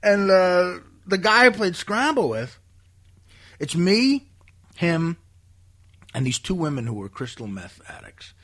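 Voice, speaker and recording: A man's voice: sits high, very animated, slow pace, long pauses, a bit bright. A man who is a podcast guest, telling stories in a comic style that is profane and self-deprecating and full of laughter. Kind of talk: comic storytelling in a podcast interview.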